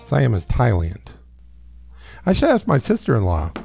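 A man's voice: medium pitch, huge pitch swings, moderate pace, creaky, darkish tone, soft background music. A man co-hosting a casual chat, joking around a lot. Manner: jokey, prone to silly voices.

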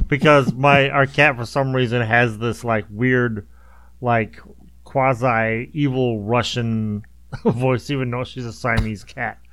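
Middle-aged male co-host, easy laughter, relaxed storytelling, dry close recording. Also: mid-range voice, takes it slowly, no echo. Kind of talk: casual chat.

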